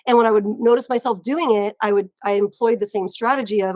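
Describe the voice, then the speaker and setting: A woman's voice: fairly high pitch, steady tone, brisk, hardly any pauses, darkish tone, no room sound. A woman guest in an interview, speaking earnestly and from the heart about hard times. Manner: heartfelt, tearful at moments, earnest. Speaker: guest, online seller. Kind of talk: emotional interview talk.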